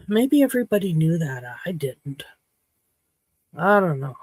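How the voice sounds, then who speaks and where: A woman from Saskatchewan hosting a casual livestream chat at home, rambling and frank, her throat a little hoarse. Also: lowish voice, very animated, measured pace, darkish tone, no echo. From Saskatchewan, Canada. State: slightly hoarse throat after choking. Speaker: livestream host. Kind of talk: casual chat to a live audience.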